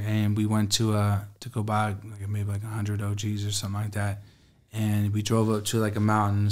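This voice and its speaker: A man, a guest telling a casual, streetwise story full of profanity. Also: fairly low pitch. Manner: streetwise, profane, laid-back.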